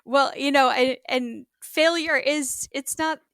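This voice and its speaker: A woman's voice: sits high, takes it slowly, dry recording, studio quality. A woman hosting an interview, talking in an easy conversational way and often affirming her guest. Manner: warm affirming, frequent agreeing interjections. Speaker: interview host.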